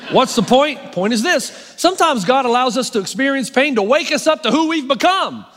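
A middle-aged man preaching a sermon as pastor, wry and self-mocking, shifting into animated preaching. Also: extremely high pitch, a little fast. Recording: long hall reverb.

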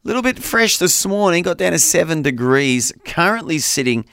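A man's voice: fairly high pitch, animated, moderate pace, vocal fry, a bit bright, smooth, dry recording. A man co-hosting a breakfast radio show in a studio, chatty, upbeat and playful in his banter.

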